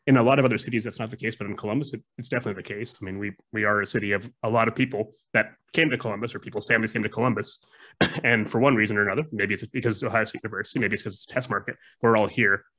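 Rapid-fire bright-voiced man. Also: mid-range voice. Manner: enthusiastic, quick talker. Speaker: panelist. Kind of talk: panel discussion. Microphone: video call.

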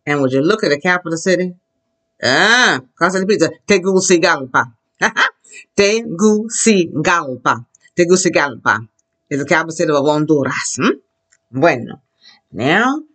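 A lively Spanish teacher leading a classroom lesson, pitch swinging up and down as the teacher drills the class. Each word is modeled slowly and clearly for the students to repeat, with cheerful encouragement throughout. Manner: slows down to model pronunciation.

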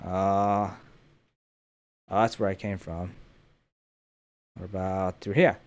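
A young gaming channel host, wearing a headset with a mic, keeps up a jokey running commentary to himself while playing. He speaks slowly in a low voice with a flat delivery.

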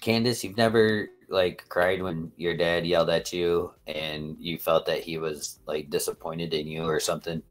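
A man's voice: sits low, steady tone, normal speed, few pauses. A man hosting a casual livestream, rambling and swearing as he talks to his viewers. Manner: rambling, profane, talks to chat. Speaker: livestream host.

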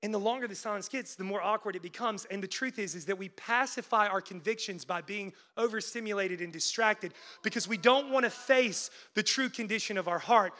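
A male pastor preaching a sermon, swinging between loud, urgent peaks and hushed lows, with casual "like" asides and calls to the congregation. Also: brisk, few pauses. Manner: conversational asides with frequent "like" fillers.

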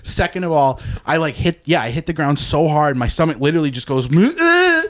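A man's voice: on the high side, fast. A man, telling a story in casual chat on a podcast, swearing freely and acting out the voices of the people in it. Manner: animated, swears freely, acts out quoted voices. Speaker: podcast guest.

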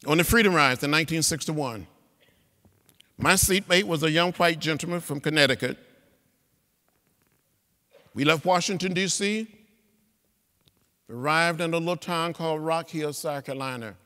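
A man, giving an inspirational speech in a rhythmic, preacher-like cadence with repeated phrases that swell to loud peaks. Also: on the high side, moderate pace, pauses often. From Alabama. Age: 70s. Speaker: guest speaker. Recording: long reverb of a big hall.

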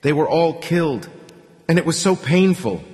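A man's voice: animated, normal speed, long reverb tail, natural voice. A man playing a hysterical sobbing young man. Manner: shrill, hysterical crying and shouting. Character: distraught young man sobbing over unseen dead.

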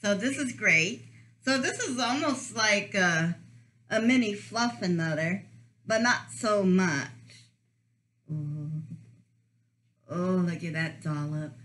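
Slow-talking giggly woman vlogger. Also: medium pitch, fairly bright tone, slight background noise. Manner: giggly, chatty while eating. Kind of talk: casual food challenge vlog.

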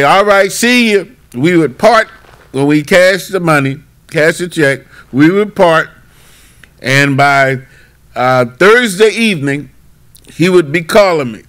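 A man, a bishop, teaching a midweek Bible class and telling a story in a lively, emphatic way. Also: a little high.

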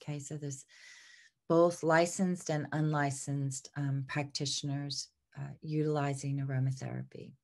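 A middle-aged woman with a low voice gives an unscripted lesson as she works through her slides. She sounds a little congested and often pauses on ums and restarts as she looks for the words. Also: level tone. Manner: unscripted, many fillers and restarts. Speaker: aromatherapy teacher.

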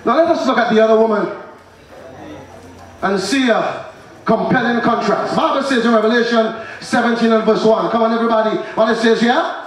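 A man preaching an evangelistic sermon, telling stories and quizzing the congregation, building to shouts. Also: extremely high pitch, brisk, a little hiss or hum. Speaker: pastor. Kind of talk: evangelistic sermon with call and response. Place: church or tent with congregation. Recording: very echoey hall with crowd.

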